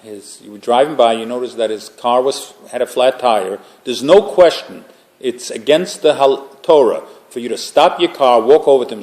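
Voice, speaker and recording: A man's voice: medium pitch, moderate pace, darkish tone. A man teaching an informal religious class, talking conversationally and making joking asides to the group.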